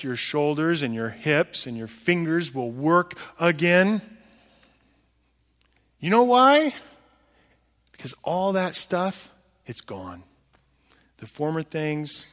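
Slow preacher guy in a church, drops quiet then booms loud, long hall echo. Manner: dramatic swings from soft low murmurs to loud emphatic peaks. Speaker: pastor. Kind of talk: sermon.

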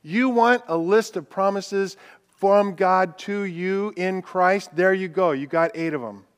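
A male pastor delivers a sermon, swinging between loud declarations and hushed, drawn-out words and reading scripture aloud with rising intensity. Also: sits high, clean tone. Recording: long reverb from a large hall.

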